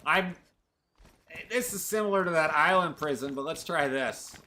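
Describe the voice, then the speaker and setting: A man's voice: fairly high pitch, expressive, normal speed, bright, forceful tone. A man streaming a video game, rambling playfully to his chat as he plays. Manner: rambling, playful, talks to chat while playing. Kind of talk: casual gameplay commentary.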